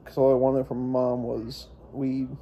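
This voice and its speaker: A man's voice: medium pitch, monotone, normal speed, muffled recording. A young man telling a personal story in a rambling, profane monologue, full of fillers and restarts. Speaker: vlogger.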